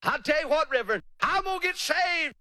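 A man's voice: extremely high pitch, expressive, a little fast, sharp tone, dry recording, voice pushed up, heavily acted. A man voicing an evasive churchgoer who keeps putting off salvation. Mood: excusing. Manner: folksy, excuse-making.

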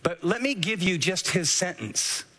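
A man's voice: sits high, animated, a little slow, bright, forceful tone, long reverb tail. A man preaching a sermon, earnestly teaching and walking listeners through scripture verse by verse. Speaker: pastor.

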